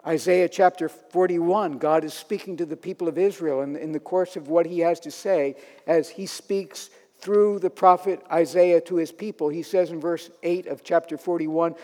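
Male pastor, sermon delivery, fairly high voice, rising to emphatic declarations, church hall echo. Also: fairly even intonation, normal speed, few pauses, dark tone.

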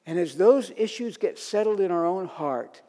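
A man's voice: high voice, animated, moderate pace, dark tone. Man preaching in a reverberant hall. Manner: building to emphatic declarations. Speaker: pastor. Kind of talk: sermon.

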